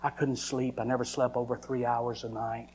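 A man tells his story from the pulpit in a testimony sermon. His voice sits at an ordinary middle pitch, and he delivers it as dramatic storytelling that now and then sinks to a hush. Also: level tone, normal speed, breathy edge. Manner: dramatic storytelling, acting out his own cries. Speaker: preacher.

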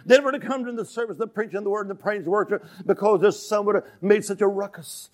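A man preaching a revival sermon in a church, telling stories and breaking into shouted hallelujahs. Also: high-pitched, fast talker. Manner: builds to shouting, exclamations of hallelujah. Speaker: evangelist preacher. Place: church sanctuary with congregation.

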